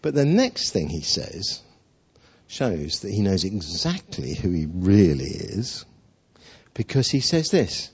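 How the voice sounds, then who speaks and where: Casting: preacher man, chatty storyteller, husky voice with a lively lilt, dull lo-fi sound. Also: low-pitched, slow pace. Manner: conversational storytelling, with rhetorical questions. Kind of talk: sermon.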